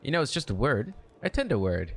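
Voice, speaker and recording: A man's voice: medium pitch, big pitch swings, fairly quick. A man reading aloud as a fierce, jealous male half-orc general, barely changing his voice for the role. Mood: pleading.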